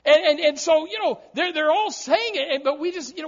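A man preaching with a very high voice, punching his words and circling back with repeated restarts. The recording sounds dull and lo-fi. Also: lively intonation, fairly quick, few pauses, a bit bright. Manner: emphatic, repetitive preaching with frequent restarts. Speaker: pastor. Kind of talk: sermon.

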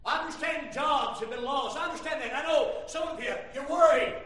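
A male pastor preaching a fiery sermon in a very high, bright, ringing voice. He drops to near-murmurs and then bursts into shouting. The sound is echoey, as in a church hall. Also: brisk. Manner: impassioned preaching, swinging from quiet to shouting. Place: church sanctuary.

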